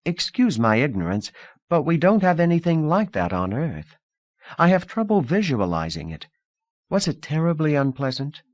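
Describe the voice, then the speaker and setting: A man voicing a poised, polite young woman from a wealthy family, speaking in a bright, gracious, curious way in a dry audiobook reading. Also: on the high side, huge pitch swings, unhurried, no echo, lo-fi sound, voice pushed up.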